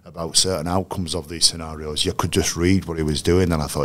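Male coach, very deep voice, measured storyteller, lots of restarts. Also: fairly even intonation. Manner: anecdotal, measured, with frequent restarts. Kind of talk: interview storytelling.

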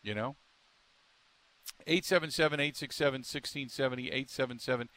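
A man's voice: medium pitch, fairly quick, sharp tone. A man hosting a sports talk radio show, rambling and emphatic, stumbling through restarts as he riffs on the local team.

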